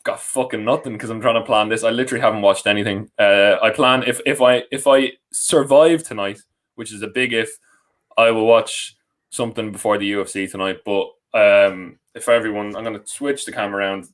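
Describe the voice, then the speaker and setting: A young Irish man hosts a casual podcast live stream, rambling, correcting himself and laughing often as he introduces guests. His voice is fairly low and a bit bright, with fairly even intonation and a slightly fast pace. The recording quality is low.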